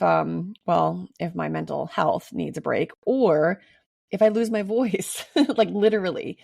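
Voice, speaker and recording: A woman in her thirties hosting a casual solo podcast, slightly raspy and hoarse while recovering from illness, chatty with frequent ums. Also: on the low side, no echo, studio quality. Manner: chatty, frequent ums, laughs between thoughts. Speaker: podcast host.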